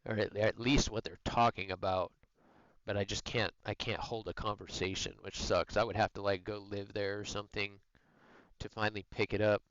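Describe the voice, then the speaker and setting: A man's voice: fairly low pitch, flat delivery, moderate pace, a bit bright, smooth, no room sound, muffled recording. A man streaming a game, chatting loosely with his viewers, teasing and joking. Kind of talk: casual chat while gaming.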